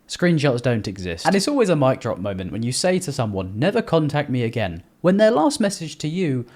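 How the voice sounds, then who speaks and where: A man's voice: medium pitch, big pitch swings, a little fast, a little mellow. A man giving comedic, sarcastic commentary as he reads out messages and mocks them. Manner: sarcastic, mocking, reads messages aloud in put-on voices. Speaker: YouTuber reacting to messages.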